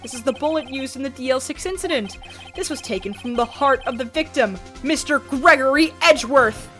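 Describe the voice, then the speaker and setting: Here is a woman reading a determined young defense attorney from a courtroom game. He lays out the evidence firmly and methodically, in a bright, crisp voice. Faint music plays in the background. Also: high-pitched, a little fast. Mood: pressing. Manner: firm, methodical courtroom argument.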